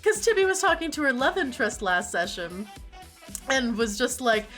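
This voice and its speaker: A woman's voice: on the high side, big pitch swings, normal speed, fairly bright tone, faint music behind. A woman streamer chatting casually and animatedly, laughing often and swearing freely.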